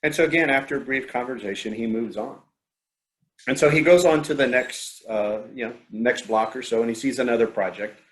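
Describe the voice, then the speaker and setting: Male presenter, mid-pitched, halting storyteller with lots of ums and restarts, online meeting talk. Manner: hesitant, many fillers and restarts, storytelling.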